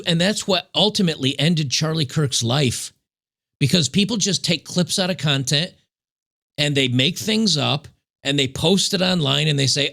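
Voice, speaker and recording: A man hosts a reaction commentary and picks apart clips in a mocking, sarcastic tone. His voice is gravelly with plenty of fry, and it sits a little high for a man. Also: fairly bright tone. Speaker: commentary host.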